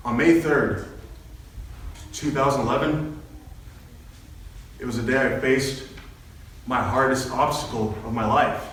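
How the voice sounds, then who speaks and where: Telling his own story in an earnest speech to a meeting, a young man with a high-ish, fairly bright voice quotes himself and other people. The mic is far away in a very echoey hall, and a little hiss or hum is audible.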